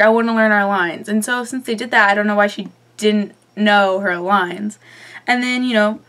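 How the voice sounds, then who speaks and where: A woman's voice: on the high side, fairly bright tone. A young woman vlogger chatting casually through a recap, with lots of ums and offhand swearing.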